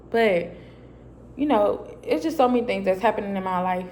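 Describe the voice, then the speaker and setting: Animated woman sharing a faith story. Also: mid-range voice, moderate pace, a little hiss or hum. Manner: animated storytelling, acting out her own dialogue; casual, loose and chatty with many fillers. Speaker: vlogger. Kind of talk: casual faith testimony vlog. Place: a quiet private space.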